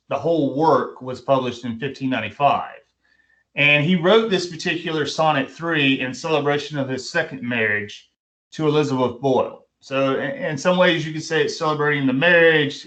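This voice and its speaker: A man's voice: mid-range voice, a bit bright. Middle-aged guy lecturing online, casual, lots of ums and repeats, medium voice. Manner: informal, repeats points, many ums and restarts. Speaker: instructor.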